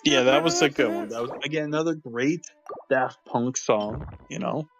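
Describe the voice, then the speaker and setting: A man's voice: medium pitch, moderate pace, a bit bright, faint music behind. A man chatting casually on a late-night stream, laid-back, rambling and often restarting his sentences. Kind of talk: casual chat.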